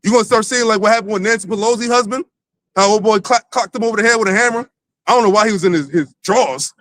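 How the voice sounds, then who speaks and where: High-voiced man teaching scripture loosely. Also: fast talker, a bit bright, low-quality recording. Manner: loose and profane, lots of fillers and restarts. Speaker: lead teacher of a religious camp. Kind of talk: livestreamed street-style Bible teaching.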